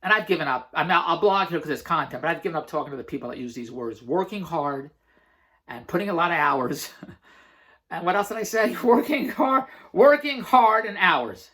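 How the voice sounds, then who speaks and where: A man's voice: fairly high pitch, expressive, fairly quick, bright, forceful tone. Rambling man laughing through a pep talk. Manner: rambling, emphatic, laughs often between phrases. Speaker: vlogger and entrepreneur. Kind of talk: casual motivational vlog monologue.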